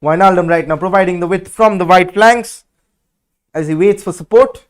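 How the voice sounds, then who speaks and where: A man hosting a football watch-along, giving live match commentary in an excitable, blunt and outspoken way. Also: high-pitched, moderate pace.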